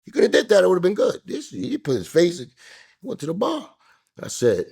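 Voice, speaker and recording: A man, an interview guest telling a story with lively, animated delivery, acting out what other people said. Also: quick pace, creaky, slightly rough. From New York. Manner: acts out quoted voices, jumping high and loud.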